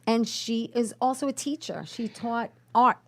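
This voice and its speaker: A middle-aged woman from the New York area, a talk show host appearing as a guest, chatting quickly and warmly. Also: fairly high pitch, steady tone. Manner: chatty, quick, name-dropping. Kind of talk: lively casual chat.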